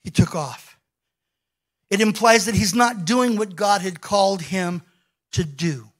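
A male pastor preaching a sermon, telling a scripture story in an animated way and acting out the quoted lines. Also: high-pitched, a little slow.

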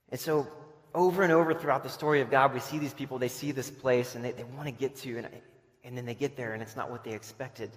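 A man gives a casual, story-driven sermon at a middle pitch. He talks conversationally and restarts his sentences often. His voice rings with the long reverb of a large hall. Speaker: camp speaker.

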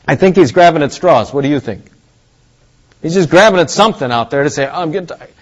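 A man's voice: on the high side, lively intonation, a little fast, highs cut off. A man preaching a conversational sermon, asking the congregation questions and acting out the voices in a story. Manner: acts out voices of Moses and God. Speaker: pastor.

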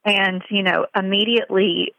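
A woman speaking in an interview as a mother, earnest and halting, with many fillers, on slightly muffled audio. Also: mid-range voice, fairly even intonation, vocal fry, bright, forceful tone. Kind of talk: emotional personal interview.

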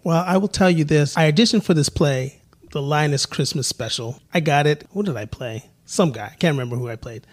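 Middle-aged guy from england on a podcast, kinda high voice, jokey, laughs a lot. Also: a little fast. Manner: playful, laughs often, acts out quotes. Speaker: podcast guest. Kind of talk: casual interview chat.

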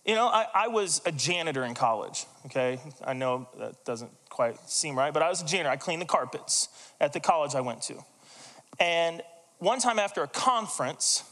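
A man's voice: a little high, long reverb tail. A man preaching a sermon, telling personal stories in a chatty way and acting out the voices of the people in them. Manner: animated, conversational, acts out quoted voices. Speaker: pastor.

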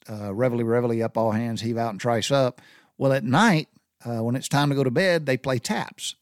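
Talking casually at medium pitch, a Navy vet with a Southern US accent rambles on about sailor slang and keeps restarting his sentences. He's from the Southern United States, and the studio-quality audio has no echo.

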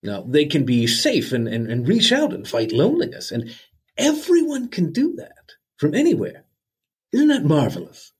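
A man's voice: on the high side, wildly swooping pitch, normal speed, darkish tone, slightly rough, full character voice. A man playing a jolly, sentimental old Santa Claus as an interview guest, folksy and chuckling. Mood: heartfelt. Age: older.

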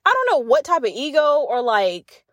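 Chatty young woman with a higher voice. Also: huge pitch swings, normal speed, a bit bright, no room sound. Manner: candid, profane, chatty storytelling with lots of fillers. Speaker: podcast host. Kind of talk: casual chat.

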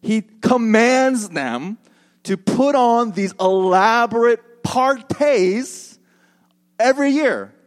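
Lively, joking male pastor. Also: extremely high pitch, slow. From United States. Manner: animated, joking, conversational preaching. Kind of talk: sermon.

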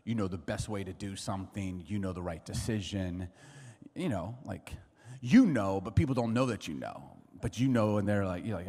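Middle-aged male pastor, animated joking sermon voice, long church-hall reverb. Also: lowish voice. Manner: animated, joking, laughs often. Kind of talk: sermon with humorous storytelling.

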